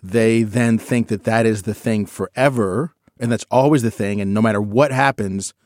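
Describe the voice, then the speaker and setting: A man's voice: on the low side, moderate pace, a little mellow, dry recording, clean studio sound. A man co-hosting a podcast, talking casually in a rambling, self-correcting way. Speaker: podcast co-host. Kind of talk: casual chat.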